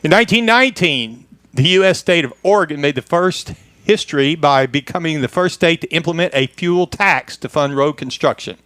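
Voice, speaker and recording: A man's voice: a little high, lively intonation, normal speed, a bit bright, no echo. A man presenting a history segment on a radio car talk show, reading from a script with a good-humored chuckle.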